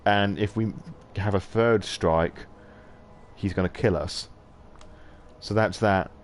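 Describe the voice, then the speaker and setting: A man with a fairly low voice reads a story game aloud on a live stream. He breaks into wry, profane asides between passages. A faint hiss runs under the recording. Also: slow pace. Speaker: podcast host reading a visual novel aloud. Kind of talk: casual live-stream read-through.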